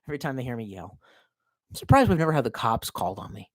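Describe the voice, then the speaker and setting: A man from the United States streaming from his basement, reading chat aloud and ranting with profanity, talking to himself and breaking into sudden yells. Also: medium pitch, lively intonation, racing, no room sound. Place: home basement room.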